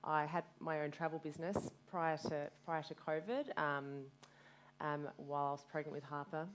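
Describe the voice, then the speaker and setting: A woman's voice: deep voice, steady tone, moderate pace. A woman in her thirties, a guest speaker telling her story frankly and with energy at a live community event, swearing freely and quoting herself. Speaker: guest speaker, fitness business owner.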